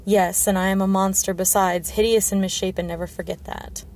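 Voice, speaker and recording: A sour, sharp-tongued dwarf lord from a storybook, read aloud by a woman. He speaks in a sardonic, gravelly, level voice. A faint hiss sits under the recording. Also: mid-range voice, little pitch movement, a little fast, natural voice. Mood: bitter.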